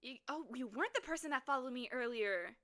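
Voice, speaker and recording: A woman streaming a story game, reading it aloud and chatting with viewers, quick to burst into excited exclamations. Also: high voice. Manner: excitable, breaks into squeals and exclamations.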